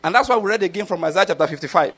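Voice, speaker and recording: A man's voice: sits high, animated, rapid-fire, a bit bright, breathy edge. A middle-aged man with a Nigerian accent preaching a conversational sermon, often stopping to ask whether his listeners follow. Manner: keeps checking if listeners follow.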